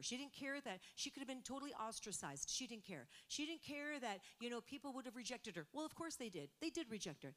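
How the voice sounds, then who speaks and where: A woman pastor preaching a sermon, building emphasis and sometimes dropping to a soft near-whisper. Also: mid-range voice.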